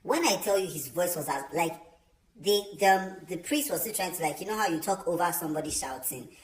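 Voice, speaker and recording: A man's voice: high-pitched, fairly quick. Chatty young man. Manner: chatty, animated, many fillers. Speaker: vlogger. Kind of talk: storytime vlog. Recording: roomy echo.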